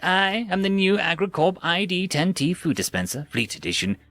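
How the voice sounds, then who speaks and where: A man's voice: high-pitched, very animated, normal speed, fairly bright tone, dry recording, soft background music, full character voice. A man voicing a petty, smug male food dispenser machine with stiff, politely formal speech. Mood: prim.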